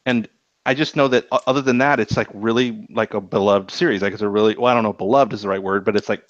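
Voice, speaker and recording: A man's voice: lowish voice, steady tone, fast, no echo. A man chatting casually on a podcast, hesitant, often restarting his sentences. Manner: hesitant, many restarts and fillers. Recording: dull lo-fi dry sound.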